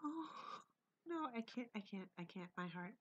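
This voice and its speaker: A woman's voice: medium pitch, lively intonation, moderate pace, highs cut off, a little hiss or hum. A young woman playing a horror game on her phone, talking through her fear, pleading and often dropping to a whisper. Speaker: gamer. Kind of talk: horror game reaction commentary. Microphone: phone or laptop mic.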